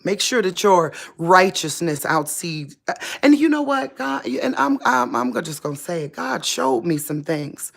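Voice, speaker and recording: A woman's voice: on the low side, sing-song, measured pace, gravelly. A woman giving an unscripted spiritual monologue to her viewers in an impassioned, preachy way, speaking straight to them. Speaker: religious vlogger.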